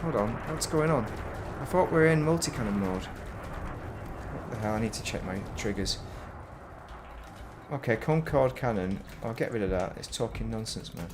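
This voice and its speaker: A man's voice: mid-range voice, lively intonation, normal speed, noisy background. A man casually commentating while he plays a space game, rambling and breaking off mid-sentence. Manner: rambling, self-interrupting, chatty. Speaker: game streamer.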